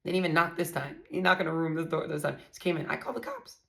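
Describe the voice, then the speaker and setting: A woman speaks in a low register with a gravelly fry running through her words. She tells her story straight to her viewers in a casual, profane way. She keeps stressing her points hard. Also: fast talker, pushed and bright. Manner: blunt, profane, emphatic storytelling. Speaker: vlogger telling her divorce story.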